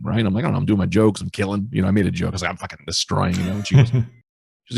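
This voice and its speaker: A male stand-up comedian telling stories in a casual interview, animated and swearing freely. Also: sits low, rapid-fire, gravelly, breathy edge, dry recording, clean studio sound. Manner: animated storyteller, swears freely, acts out quoted voices. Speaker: stand-up comedian, podcast guest.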